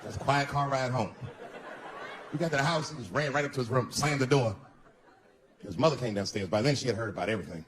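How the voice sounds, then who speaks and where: A man doing stand-up comedy, telling a story and acting out other people's voices with lively jumps in pitch. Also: fast talker, long pauses, noisy background. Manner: animated, acts out voices of son and wife with big pitch jumps. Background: audience laughter.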